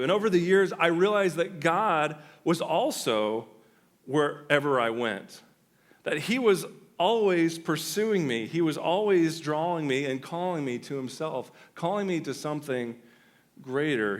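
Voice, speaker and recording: A male pastor telling a personal story in a sermon, animated and full of restarts. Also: medium pitch. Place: church sanctuary.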